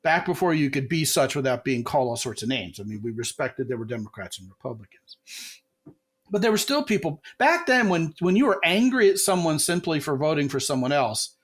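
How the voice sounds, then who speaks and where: A middle-aged man hosting a podcast as a comedy coach, telling stories in a lively way and jumping his pitch for quoted voices. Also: brisk, slightly rough. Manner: animated storyteller, jumps pitch for quoted voices. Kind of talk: casual podcast chat.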